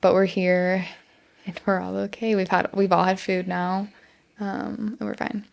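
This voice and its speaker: A woman's voice: medium pitch, flat delivery, unhurried, creaky. A woman in her thirties co-hosting a family podcast, telling stories playfully and laughing often. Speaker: podcast co-host. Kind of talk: casual chat.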